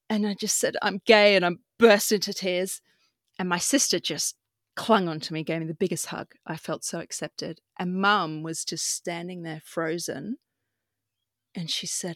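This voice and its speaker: A woman's voice: mid-range voice, normal speed, no room sound, clean studio sound. Frank, emotional woman. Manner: emotional, frank, swears casually. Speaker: podcast guest. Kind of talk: candid personal storytelling.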